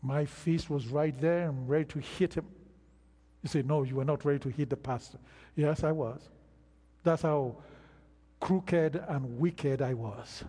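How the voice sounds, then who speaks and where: Older preacher slow in a big echoing hall. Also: male voice, fairly high pitch, dark tone, slightly rough. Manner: slow, emphatic preaching with long pauses. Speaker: pastor. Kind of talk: sermon. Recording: long reverb of a large hall.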